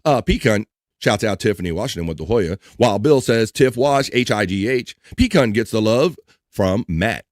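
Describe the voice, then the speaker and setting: A man's voice: fairly low pitch, expressive, moderate pace, dry recording, studio quality. A man hosting a live stream, chatting casually and reading viewer messages aloud in an upbeat way. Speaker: livestream host.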